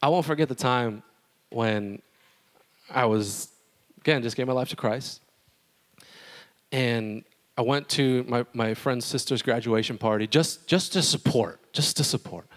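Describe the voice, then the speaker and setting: A man preaching a sermon as pastor, animated and conversational, with humorous storytelling. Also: medium pitch, a little slow, pauses often.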